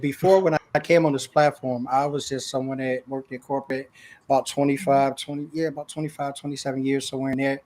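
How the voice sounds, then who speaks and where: A man introducing himself as a consultant on a livestream panel, laughing easily and filling pauses with "uh". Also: mid-range voice, little pitch movement, slight background noise. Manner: warm, laughing, with many filler "uh"s. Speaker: leadership consultant, panel guest. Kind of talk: casual self-introduction.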